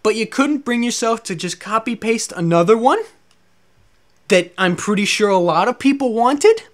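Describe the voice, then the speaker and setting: A let's play commentator ranting with open frustration and plenty of swearing. The voice swings widely up and down, pelting the game's makers with exasperated rhetorical questions. It sits at a middle pitch. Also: animated, normal speed. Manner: angry, profane, exasperated ranting. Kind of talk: gameplay commentary rant.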